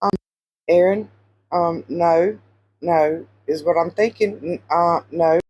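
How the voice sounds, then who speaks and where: Animated woman retelling Bible stories. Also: fairly low pitch, slow pace, slightly rough. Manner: animated, repeats phrases for emphasis, asks the viewer questions. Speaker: Christian social media storyteller. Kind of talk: casual Bible storytelling.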